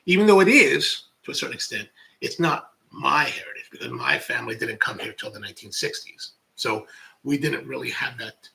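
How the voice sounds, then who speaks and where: Middle-aged man, livestream host, casual rambling chat, gravelly edge, bright forceful tone. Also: medium pitch, huge pitch swings, a little fast, a little hiss or hum, poor audio. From United States. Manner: rambling, reflective, many restarts and asides.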